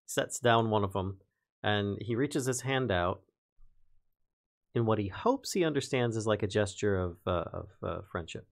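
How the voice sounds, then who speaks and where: A man's voice: fairly low pitch, expressive, moderate pace, gravelly. A man playing a tabletop game, describing what his dwarf character does and says. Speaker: player.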